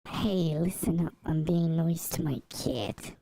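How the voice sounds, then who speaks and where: A woman's voice: deep voice, slow pace, gravelly, mellow, no room sound, full character voice, rough recording. A woman doing a brash, tough-talking New Yorker with a New York accent who insists on being nice to her cat. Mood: pushy.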